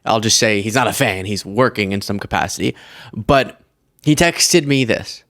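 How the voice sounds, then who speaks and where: A man's voice: on the low side, moderate pace, a bit bright, no room sound, clean studio sound. A man hosting a political commentary show, talking casually and sarcastically and often laughing.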